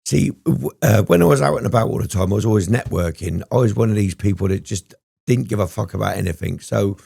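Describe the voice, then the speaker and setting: A man's voice: fairly low pitch, quick pace, gravelly, warm tone, slightly rough, no echo, clean studio sound. A man telling his story as a podcast guest, rambling and swearing often, with frequent ums. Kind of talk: candid storytelling interview.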